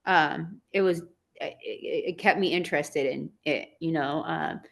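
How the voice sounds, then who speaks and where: A woman from Southern California with a valley girl accent hosts a casual online chat, bubbly, chatty, and laughing often. Her voice sits low, with vocal fry and a measured pace.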